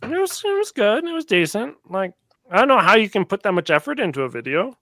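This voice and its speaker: A man's voice: high voice, very animated, quick pace, a bit bright, no room sound. A man co-hosting a podcast in casual chat, blunt and sarcastic. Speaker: podcast co-host.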